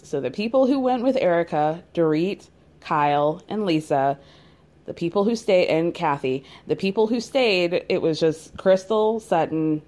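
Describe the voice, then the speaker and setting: A woman's voice: on the low side, a little mellow. A young adult woman recapping a reality TV show in casual, gossipy commentary, laughing often and dropping sassy asides.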